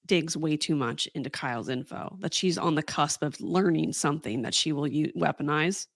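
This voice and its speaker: A woman guest on a casual podcast, laying out confident, analytical takes. Her voice is somewhat low with a lot of gravelly fry, recorded dry and close. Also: normal speed, dry recording. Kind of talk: casual chat.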